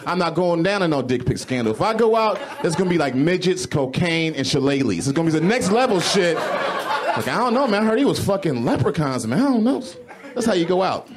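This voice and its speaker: A man doing a stand-up comedy set on a club stage, animated and profane, often jumping into high, exclaimed voices. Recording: live club recording with crowd. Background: audience laughing.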